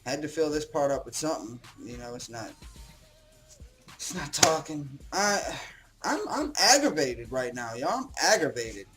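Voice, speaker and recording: A man's voice: a little high, big pitch swings, normal speed, fairly bright tone, soft background music, low-quality recording. A young man rambling casually as host of his own commentary, swearing and joking at himself.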